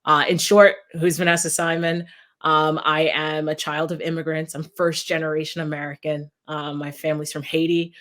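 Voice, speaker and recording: A woman's voice: sits low, little pitch movement, normal speed, a bit bright. Earnest young woman guest. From New York. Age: young adult. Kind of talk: interview answers.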